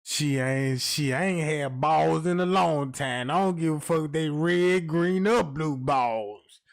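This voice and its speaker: A man's voice: a little high, slow pace, creaky. A man hosting a comedic livestream, talking to his chat in a swearing, slangy rant. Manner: animated, swearing, slangy, keeps asking the chat. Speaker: livestream host.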